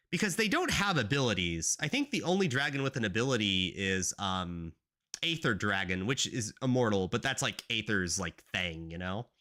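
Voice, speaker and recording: Animated, bright-voiced male streamer. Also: medium pitch. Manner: rambling, filler-heavy talk. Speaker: streamer and game developer. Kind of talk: casual live-stream chat.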